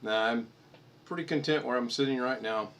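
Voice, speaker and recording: A man's voice: medium pitch, a little fast, a bit bright. An American man hosting a casual live stream chat, rambling and joking and laughing at his own stories. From United States.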